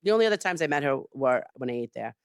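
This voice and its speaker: In a dry, studio-quality recording, a woman chef on a podcast rattles off her story at rapid-fire speed in a rumbling low, clean-toned voice. She's animated and emphatic, constantly saying "like" and "you know."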